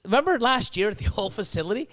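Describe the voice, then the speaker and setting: A man hosting a podcast, chatting casually in a rambling, profane and animated way. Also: high-pitched, rapid-fire. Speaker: podcast host.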